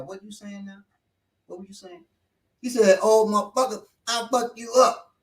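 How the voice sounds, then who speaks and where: A man telling lively street stories in casual chat, acting out the people in them. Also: high-pitched, echoey room, recorded from a distance. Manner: animated storyteller acting out voices. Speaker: instructor. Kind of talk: casual storytelling.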